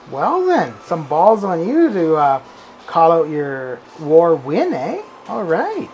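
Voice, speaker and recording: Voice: medium pitch, huge pitch swings, slow pace, a little mellow, highs cut off, a little hiss or hum. Rambling casual game streamer. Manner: rambling, with frequent restarts and fillers. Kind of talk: casual live-stream chat. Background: faint background music.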